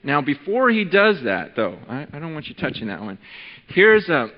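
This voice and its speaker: A man delivering a sermon in an animated, conversational style. His voice sits fairly high and moves up and down a lot. It has the long reverb of a church hall, captured on a muffled, lo-fi recording. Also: moderate pace. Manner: animated, conversational preaching with a live demonstration. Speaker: pastor.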